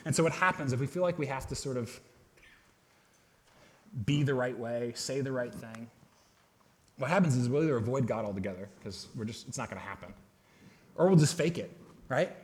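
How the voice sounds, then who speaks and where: A man preaching a sermon to a congregation in a casual, conversational way, swinging between loud emphatic bursts and quiet, low asides. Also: lively intonation, fairly quick, long pauses. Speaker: pastor. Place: church hall with a congregation.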